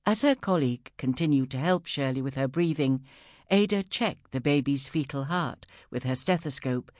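An audiobook narrator reads a story in a steady, even manner. The recording is dry and close, with no room sound. The voice sits at a middle pitch. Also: moderate pace, no echo.

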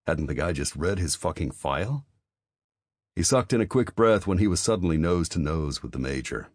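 A man narrating an audiobook in an even, measured reading. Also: low voice, dry recording. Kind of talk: scripted narration.

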